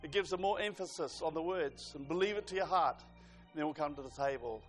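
A man's voice: on the high side, brisk. A man preaching at a church service, reading scripture and leading the congregation in song. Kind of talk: sermon with congregational singing. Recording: loud music behind the voice.

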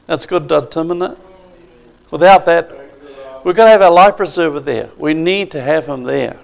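A man's voice: fairly high pitch, normal speed, creaky. A man preaching a sermon with emphasis, asking the congregation questions.

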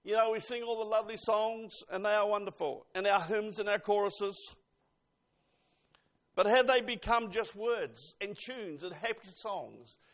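An older man delivers an earnest sermon, pausing often and lifting his emphasis up and down. His voice sits fairly high and carries a gravelly edge. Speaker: preacher. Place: church.

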